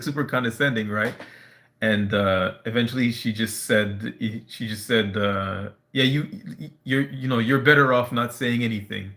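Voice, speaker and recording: A man on a casual live stream, telling a personal story in a halting way, full of fillers and restarts. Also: on the low side, fairly bright tone.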